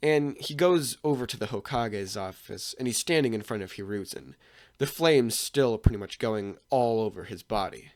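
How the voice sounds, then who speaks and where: A man's voice: lowish voice, expressive, moderate pace. A man casually retelling a fan story, rambling with many restarts and fillers.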